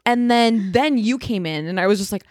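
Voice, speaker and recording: A woman's voice: medium pitch, moderate pace, darkish tone. A young woman co-hosting a podcast, rambling through a story in casual chat, full of fillers and swearing. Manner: rambling, filler-heavy retelling, swears freely. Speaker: podcast co-host.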